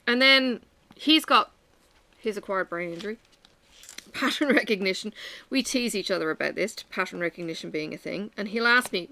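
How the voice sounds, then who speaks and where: Bright-voiced woman venting candidly. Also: mid-range voice, a little fast. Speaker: vlogger. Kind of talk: casual chat while crafting. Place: at home.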